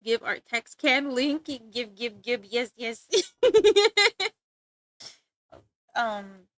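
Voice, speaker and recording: Giggly high-voiced young woman streamer. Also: bright, forceful tone, no echo. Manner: giggly, playful, rambling, talks to chat. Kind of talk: casual live-stream chat while drawing.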